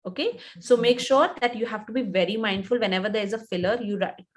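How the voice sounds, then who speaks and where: Speaking fast in a voice on the high side, a thirtysomething woman with an Indian English accent coaches on image. It's a live webinar, and she gives instructive guidance, repeating herself for emphasis.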